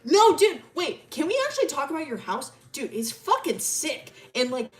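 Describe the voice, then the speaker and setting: A woman's voice: fairly bright tone, roomy sound, natural voice. Woman doing a hyper, clueless young guy. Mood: gushing. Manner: fast gushing, high-pitched.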